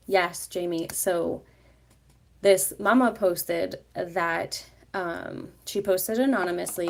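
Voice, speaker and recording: Woman vlogger, low, gravelly voice, rambling live-chat delivery full of fillers. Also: a little hiss or hum. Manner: rambling, chatty, many fillers.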